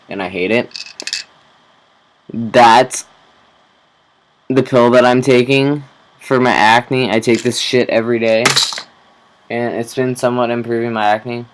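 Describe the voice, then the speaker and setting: A young man talking slowly in a rambling, casual video diary, swearing offhandedly. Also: medium pitch, poor audio. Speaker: vlogger.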